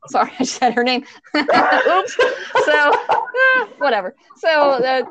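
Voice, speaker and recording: A woman co-hosting a casual chat. She tells a story with energy, swears freely and acts out the lines she quotes in a loud voice. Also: high-pitched, big pitch swings, a little slow, slight background noise.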